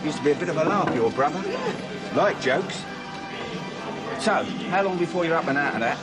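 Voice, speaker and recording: A man's voice: a little high, expressive, moderate pace, natural voice. An actor playing a chummy middle-aged man who tells crude jokes and needles people, recorded in a busy pub. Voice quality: jokey, needling banter. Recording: loud bar music and crowd.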